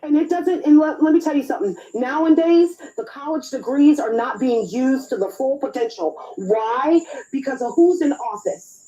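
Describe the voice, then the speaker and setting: High mellow-voiced woman, blunt and pleading. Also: lively intonation, normal speed, hardly any pauses, muffled recording. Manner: blunt, pleading, swears casually. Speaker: podcast panelist. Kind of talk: heated panel argument.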